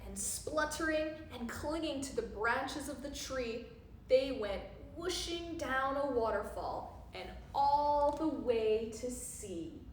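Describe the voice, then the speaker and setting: A woman reads a rhyming picture book aloud for children in a sing-song voice. She speaks slowly with a high, light tone, and the roomy space gives her words an echoing tail over a faint hum. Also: animated. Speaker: storyteller. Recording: roomy echo, faint background noise.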